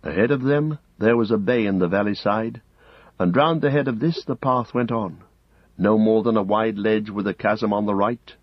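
A man narrating an audiobook in a measured, grave storytelling manner, close to the mic. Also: fairly low pitch, husky, no room sound. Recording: dull lo-fi audiobook recording.

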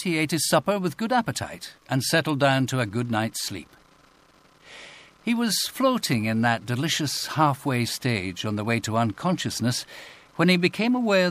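Expressive male audiobook narrator. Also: medium pitch. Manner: measured, expressive. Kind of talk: scripted narration.

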